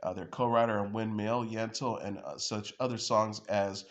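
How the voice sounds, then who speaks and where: A man with a somewhat low voice hosts an entertainment news report. He reads headlines and quotations in a plain delivery. He stumbles now and then, filling gaps with "uh" and restarting words. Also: steady tone, moderate pace. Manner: reads news and quotes with frequent uh fillers and restarts.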